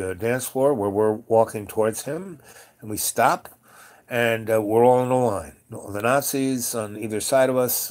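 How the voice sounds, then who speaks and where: A man casually retelling a dream, rambling with lots of fillers and chuckling asides. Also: on the low side. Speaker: storyteller.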